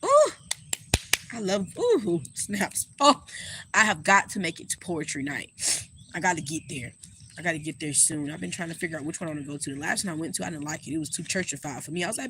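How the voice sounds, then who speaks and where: A woman astrologer gives a relaxed reading, sassy and animated and swearing freely as she talks straight to her viewers. Her voice is bright and sharp. Faint crickets chirp in the background. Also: on the low side, fairly quick, a little hiss or hum. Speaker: astrologer and spiritual reader.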